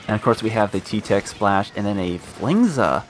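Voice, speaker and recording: A man's voice: on the low side, expressive, normal speed, soft background music. A young man co-commentating a live esports tournament, easygoing and enthusiastic, laughing along with his partner.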